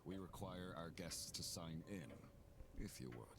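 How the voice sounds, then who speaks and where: A man voicing a formal, unhurried hotel manager in a video game, with a slight Irish accent. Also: deep voice, lively intonation, creaky, slight background noise, full character voice.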